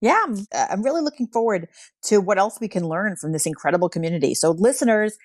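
A woman's voice: mid-range voice, lively intonation, fast talker, darkish tone, no room sound. Woman podcast host talking through numbers, chatty, voice goes up and down a lot, dry close sound. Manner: chatty, with lots of likes and you-knows. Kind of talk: casual podcast talk presenting survey results.

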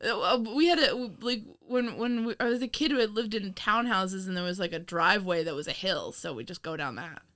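A woman's voice: mid-range voice, fairly quick, few pauses, fairly bright tone. A woman from New York co-hosting a casual film-review podcast, rambling and laughing often, swearing casually. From New York state. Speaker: podcast co-host.

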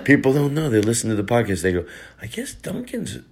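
A man's voice: medium pitch, wildly swooping pitch, fairly quick. A middle-aged man, a stand-up comedian hosting a podcast, riffing in a sarcastic, joking way with repeated bits. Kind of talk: casual comedic podcast banter.

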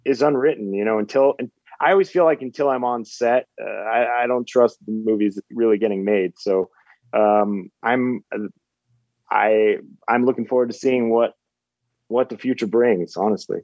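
A man being interviewed about his film, speaking in a halting way with many restarts. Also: mid-range voice, darkish tone, dry recording, dull audio. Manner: halting, repeats words while thinking. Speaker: film director guest. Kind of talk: casual interview chat.

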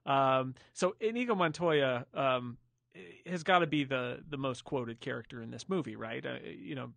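A man's voice: mid-range voice, normal speed, vocal fry, fairly bright tone, dry recording. A man hosting a podcast discussion, rambling casually with restarts and fillers. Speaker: podcast host. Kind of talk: casual chat.

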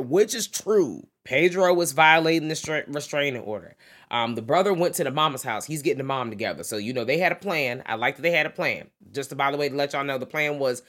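A woman's voice: low voice, sing-song, fairly quick, fairly bright tone. A woman co-hosting a podcast, chatting casually and profanely about a horror movie and acting out the characters' lines. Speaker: podcast co-host. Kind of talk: casual movie-review chat.

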